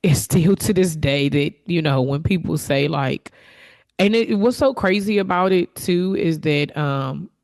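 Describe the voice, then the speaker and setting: A woman's voice: low voice, unhurried, darkish tone. A woman hosting her own podcast, talking in a candid, conversational way and openly admitting her emotions. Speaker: podcast host. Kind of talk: reflective solo podcast talk.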